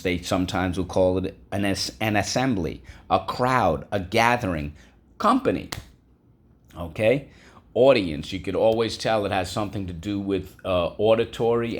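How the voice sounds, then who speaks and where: A man teaching a classroom vocabulary and phonics lesson, patient and repetitive, prompting the class to repeat words. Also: fairly low pitch.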